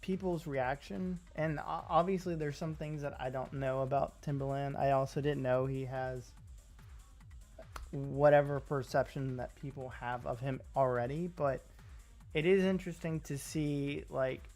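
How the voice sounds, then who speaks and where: Here the streamer has a steady, slightly mellow mid-range voice and never hurries. It's loose stream chat from a home setup, heavy on fillers and self-deprecating asides, with keyboard clicks and soft music behind it.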